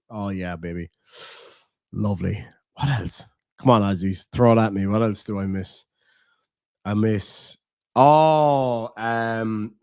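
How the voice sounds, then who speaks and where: A man's voice: medium pitch, darkish tone, dry recording. Irish male streamer, casual and profane, easygoing chatter, dead-dry mic. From Ireland. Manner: profane, chatty, laid-back. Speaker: reaction streamer. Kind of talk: casual rambling chat to viewers.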